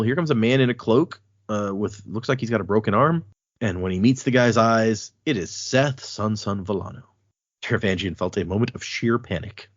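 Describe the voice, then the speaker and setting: A man hosting a casual podcast, reading passages from a book aloud and talking them over in a relaxed way. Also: mid-range voice, slightly rough, no echo, lo-fi sound. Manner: relaxed, with fillers and restarts.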